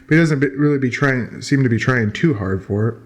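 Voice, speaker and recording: A man's voice: mid-range voice, a little fast. A man giving casual, joking commentary while watching old fight footage, with lots of fillers and restarts.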